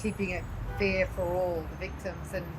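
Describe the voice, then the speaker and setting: A woman's voice: lowish voice, little pitch movement, normal speed, noisy background. A woman interviewing a guest, asking questions and giving brief encouraging replies.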